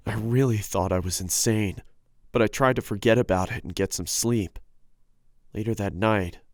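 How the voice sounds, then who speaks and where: Low-voiced man narrating a horror story. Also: moderate pace, dry recording. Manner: steady, earnest storytelling. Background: background music.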